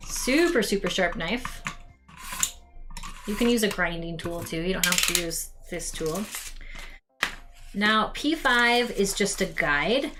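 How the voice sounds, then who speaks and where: Young woman walking viewers through a foam craft build, chatty and loose, lots of ums, soft music in the background. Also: mid-range voice, expressive, slow, pauses often. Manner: chatty, talks to viewers as "you guys", many ums. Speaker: cosplay crafting host. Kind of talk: casual how-to crafting stream. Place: home craft room.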